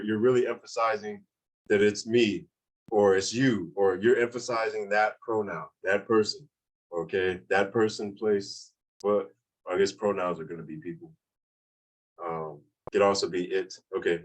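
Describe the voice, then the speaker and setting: A man's voice: on the low side, low-quality recording. A man teaching a beginners' language class online, explaining grammar in a casual way, often repeating points and checking in with "okay?".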